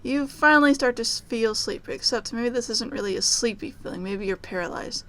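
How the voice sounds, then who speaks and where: A woman streamer reading a dating-sim game aloud, playful and animated, with jokey asides. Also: a little high, a little fast, low-quality recording.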